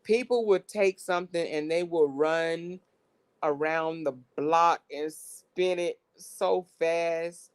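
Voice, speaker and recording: A woman's voice: fairly low pitch, slow pace, clean tone. A woman giving casual commentary to her viewers, breaking into fits of laughter. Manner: laughing fits, slangy, addresses viewers as y'all. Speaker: commentary vlogger.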